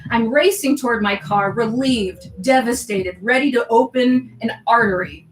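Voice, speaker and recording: A woman's voice: on the high side, normal speed, a little hiss or hum. A woman livestreaming as she reads her diary aloud, stopping for asides and laughing often between lines. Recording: roomy echo, faint music behind.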